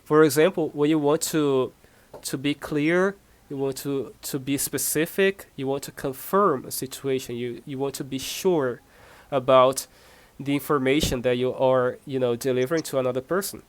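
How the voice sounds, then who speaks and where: A man's voice: medium pitch, normal speed, no echo. A man from Brazil with a Brazilian accent, speaking English as a second language while he teaches an online class, patiently repeating himself and giving examples. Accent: Brazilian Portuguese. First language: Portuguese. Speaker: Portuguese teacher.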